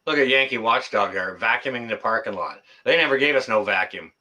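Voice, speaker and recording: Man, lowish voice, bright tone, relaxed casual chat, co-host. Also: a little fast.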